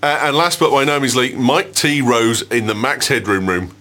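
A man's voice: mid-range voice, normal speed, sharp tone, slight background noise. A man hosting a casual tech podcast, bantering cheekily and laughing often. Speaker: podcast host.

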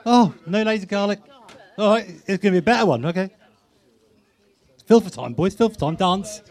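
Excitable man hosting a live game. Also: high-pitched. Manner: excitable, laughing, quick countdowns. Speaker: host of a live tech meetup game. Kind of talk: lively game-show style hosting.

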